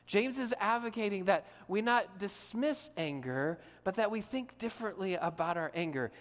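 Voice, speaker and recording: Pastor preaching a sermon, conversational and direct, mid-pitched, with long hall reverb. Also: lively intonation, moderate pace. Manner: conversational preaching, asks the listeners questions.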